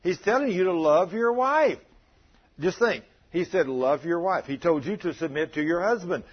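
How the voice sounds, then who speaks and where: A man preaching a sermon, telling folksy stories with a chuckle in a husky voice. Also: high-pitched, lively intonation, moderate pace, dull audio.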